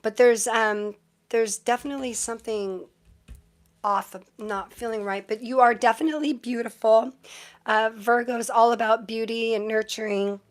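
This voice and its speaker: Woman tarot reader, slightly high voice, casual stream chat full of fillers. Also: steady tone, normal speed. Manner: chatty, many fillers, thanks viewers often. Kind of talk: casual live-stream card reading.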